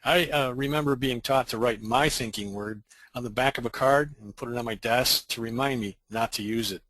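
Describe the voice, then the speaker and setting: Bright-voiced man presenting a webinar. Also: medium pitch, normal speed, no echo, low-quality recording. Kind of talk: scripted webinar dialogue.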